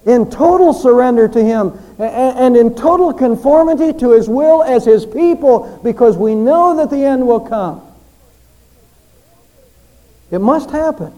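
A man preaching a sermon, explaining and repeating phrases for emphasis and slowly drawing out the key lines. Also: extremely high pitch, mellow, rough recording.

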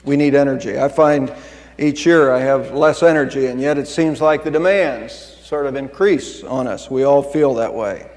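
A man's voice: medium pitch, normal speed, darkish tone. A middle-aged male pastor preaching a sermon in an earnest, conversational way. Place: church. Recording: long hall reverb.

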